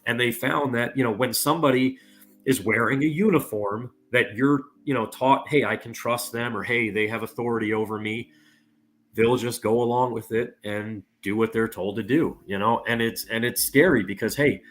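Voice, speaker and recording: A man's voice: mid-range voice, moderate pace, a bit bright, faint music behind. A man guest on a casual podcast, explaining at length and leaning on "you know" fillers.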